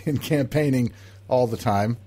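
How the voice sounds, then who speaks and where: A man co-hosting a political talk show, in a mid-range voice. He needles his partner with deadpan contrarian jokes, in a loose and conversational way. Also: medium pitch, measured pace. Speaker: political podcast co-host. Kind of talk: casual political banter.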